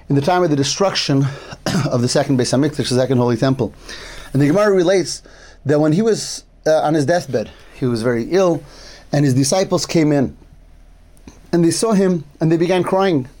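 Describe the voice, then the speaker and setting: A man's voice: fairly high pitch, darkish tone. Earnest man giving a Torah sermon. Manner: earnest, repetitive rhetorical questions, storytelling. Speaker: rabbi giving a Torah class.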